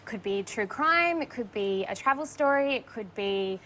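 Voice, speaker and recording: A woman's voice: a little high, animated, normal speed, sharp tone, a little hiss or hum. A woman in her thirties with an Australian accent, a quiz contestant chatting easily and laughing often. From New South Wales, Australia. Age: 30s. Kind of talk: casual chat.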